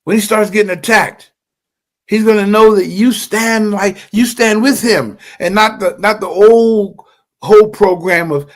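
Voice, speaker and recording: A man's voice: high voice, lively intonation, a little slow. An older man giving an impassioned livestream teaching in a fervent, preachy way, often stammering and repeating words.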